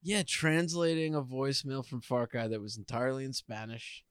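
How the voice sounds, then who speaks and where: Podcast co-host, male, mid-pitched, laughs a lot, short replies, dry sound. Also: steady tone, normal speed, smooth, no echo. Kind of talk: casual comedy chat.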